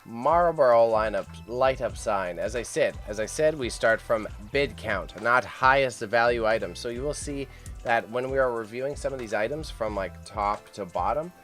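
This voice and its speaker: A man's voice: moderate pace, faint music behind. Chatty young man hosting a live stream. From Canada. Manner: chatty, swearing, laughing often, pitch jumps when excited. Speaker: live stream host reviewing an auction. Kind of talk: casual live-stream chat.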